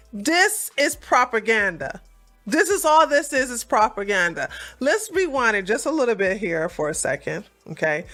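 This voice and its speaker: A woman hosting a reaction commentary, talking in a sassy, mocking, animated way. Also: fairly high pitch. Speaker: commentary host.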